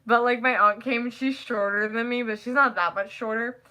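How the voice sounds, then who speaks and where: A teenage girl chatting casually to the camera, rambling and packing her talk with "like" and quick laughs. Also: a little high, steady tone, bright, forceful tone. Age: teens. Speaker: vlogger.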